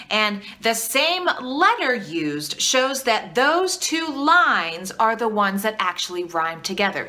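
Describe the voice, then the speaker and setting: In an educational video lesson, a woman teaching artist encourages the viewer, asks them questions, and leads call-and-response so they repeat after her. Her mid-range voice is bright with a forceful tone.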